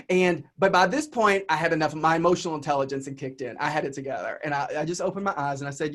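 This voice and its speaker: A man's voice: fairly high pitch, fast talker, hardly any pauses. A man from the American South giving a keynote over a video call, telling a story to his audience and calling them y'all. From Southern United States. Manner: animated, chatty, addresses audience as y'all. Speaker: keynote speaker.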